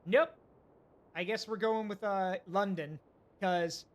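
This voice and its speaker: A man with a fairly high voice streams a naval strategy game live. He thinks out loud, hesitates, and chats with his viewers as he plays. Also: fairly even intonation, slow. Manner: thinks aloud, hesitant, talks to chat. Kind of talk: live gameplay commentary.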